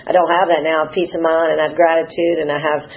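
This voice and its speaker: A woman's voice: deep voice, little pitch movement, fast, lo-fi sound. A woman in her fifties giving a teary, rambling personal testimony at a recovery meeting, acting out the dialogue she recalls. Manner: emotional, rambling, acts out quoted dialogue.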